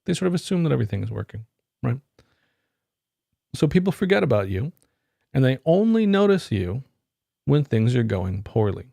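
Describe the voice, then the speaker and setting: A low-pitched man with a gravelly edge talks to camera about working in tech. His delivery is casual and wry, wandering through an anecdote. The sound is dry and close. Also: warm tone, no room sound. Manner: wry, rambling storyteller. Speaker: IT career vlogger. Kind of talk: casual explanatory talk to camera.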